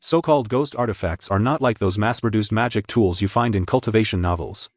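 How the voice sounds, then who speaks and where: Low-voiced male narrator, dry studio. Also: fairly quick, no echo. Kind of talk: scripted narration.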